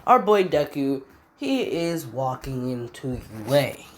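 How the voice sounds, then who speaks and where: A woman's voice: extremely low pitch, very animated, takes it slowly, a little hiss or hum. A woman casually retelling a made-up story, rambling and often correcting herself. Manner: rambling, self-correcting, filler-heavy. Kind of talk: casual fan-fiction retelling.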